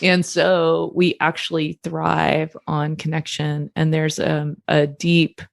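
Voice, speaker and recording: A woman co-hosting a relationship podcast, calmly explaining connection from a biology angle in casual chat. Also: deep voice, slow, gravelly, no room sound. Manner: explains science plainly, calls herself the biology lady. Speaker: podcast co-host.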